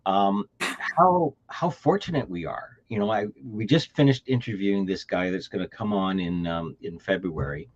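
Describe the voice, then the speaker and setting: A man's voice: low voice, normal speed, highs cut off. A man with a Canadian accent co-hosting a casual chat, rambling and restarting his words. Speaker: podcast co-host.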